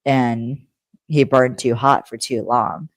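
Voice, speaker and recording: A woman's voice: rumbling low, fairly even intonation, slow pace, dry recording. A woman co-hosting a podcast in casual chat, rambling with lots of fillers and laughing easily. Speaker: podcast co-host.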